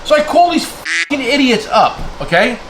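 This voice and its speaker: A man's voice: extremely high pitch, big pitch swings, measured pace, gravelly, fairly bright tone, a little hiss or hum, rough recording. A man from New Jersey, a tool dealer, ranting heatedly to his viewers in a blunt, name-calling way, checking in with "okay?" again and again. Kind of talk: heated rant to camera.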